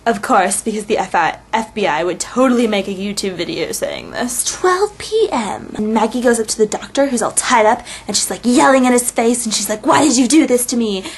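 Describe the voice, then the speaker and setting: A woman casually recapping a web series episode, chatty and sarcastic, full of "like" and quick eye-rolling asides. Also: on the high side, husky.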